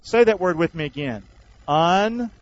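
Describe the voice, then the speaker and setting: A man preaching a sermon, calling on the congregation to answer back and swinging between shouts and hushed words. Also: high-pitched, animated, measured pace. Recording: dull lo-fi recording.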